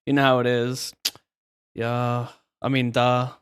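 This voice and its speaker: A man's voice: medium pitch, monotone, slow, smooth. A young man streaming poker, chatting casually, swearing and joking at his own expense. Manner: swearing, joking, self-mocking. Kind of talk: casual live-stream commentary.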